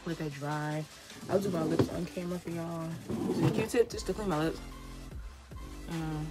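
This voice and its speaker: Chatty young woman vlogging her makeup. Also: sits low. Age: young adult. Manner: chatty, slangy, encouraging. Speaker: beauty vlogger. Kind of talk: casual get-ready-with-me chat. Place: home, indoors.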